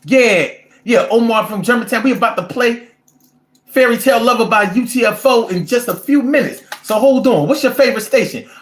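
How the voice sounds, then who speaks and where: A man's voice: very high-pitched, fairly quick. A man doing a chipper radio DJ. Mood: upbeat. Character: male radio DJ taking a caller. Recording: roomy echo.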